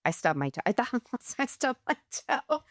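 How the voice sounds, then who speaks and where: Lively, chatty woman co-host. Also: a little high, normal speed, no room sound, studio quality. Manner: chatty, laughs easily, many fillers. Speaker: podcast co-host. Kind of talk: casual chat.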